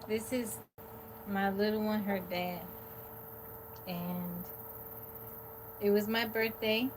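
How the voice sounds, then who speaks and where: A woman hosting a livestream, casually telling a personal story in a rambling, candid way and quoting what people said. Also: mid-range voice. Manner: candid, rambling, quotes herself and others. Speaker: livestream host. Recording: noisy background.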